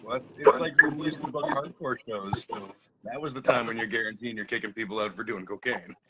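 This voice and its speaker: A man's voice: fairly low pitch, brisk, a crowd in the background, poor audio. A man hosting a casual chat, mostly chipping in with brief reactions. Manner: brief interjections. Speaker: host.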